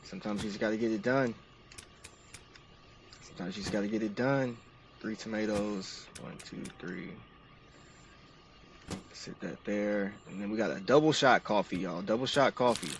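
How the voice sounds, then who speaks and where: A man's voice: on the low side, normal speed, pauses often, recorded from a distance, slight background noise. A man narrating each step of a game to his stream chat in an upbeat, casual way.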